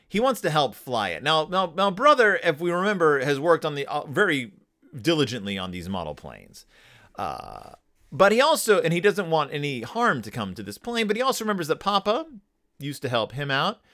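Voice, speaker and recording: A man hosting a casual podcast, his voice slightly higher than most and full of lively pitch swings. He talks through a picture book in a loose, halting way, restarting sentences and filling gaps as he thinks aloud. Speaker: podcast host.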